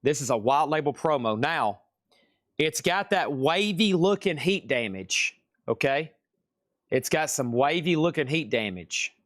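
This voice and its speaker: A man's voice: on the high side, expressive, measured pace, fairly bright tone, no room sound, studio quality. Chatty Southern man selling records live. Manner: chatty, rambling, self-correcting. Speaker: live-stream record seller. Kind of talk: casual live sales patter.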